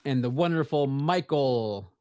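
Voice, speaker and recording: A man's voice: medium pitch, expressive, unhurried, darkish tone, smooth, no room sound. A man co-hosting a casual podcast, easygoing and joking as he greets chat viewers by name. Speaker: podcast co-host.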